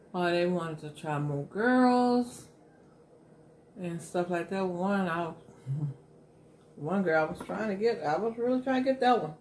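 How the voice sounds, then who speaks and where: A woman's voice: lowish voice, a little mellow, a little hiss or hum. Candid middle-aged woman hosting an eating show. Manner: candid, emphatic storytelling. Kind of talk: casual chat while eating.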